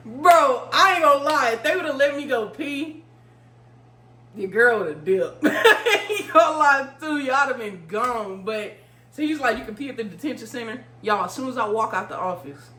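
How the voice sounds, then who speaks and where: Animated woman telling a story, echoey room. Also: fairly high pitch. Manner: animated, swears freely, talks straight to viewers. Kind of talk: casual storytime.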